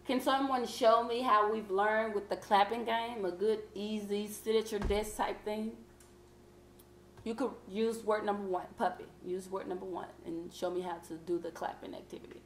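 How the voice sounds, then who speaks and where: A woman teaching a classroom vocabulary lesson, patient and encouraging as she reads each clue slowly. Her voice sits at an ordinary pitch and carries a roomy echo from the classroom. A faint hum runs underneath. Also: fairly even intonation.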